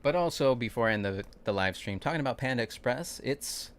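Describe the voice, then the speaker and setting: A man's voice: medium pitch, a little fast, clear, resonant tone. A young man telling a long, rambling story from his work shift in a casual livestream, acting out what people said and often restarting his sentences. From California. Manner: rambling, animated retelling with acted-out quotes and frequent restarts. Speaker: vlogger recounting a work shift.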